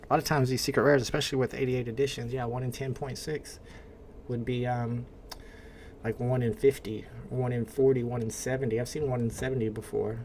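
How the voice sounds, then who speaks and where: Man, Indiana accent, livestream host, casual chat, answers chat comments, medium pitch. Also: little pitch movement, a little fast, darkish tone, a little hiss or hum.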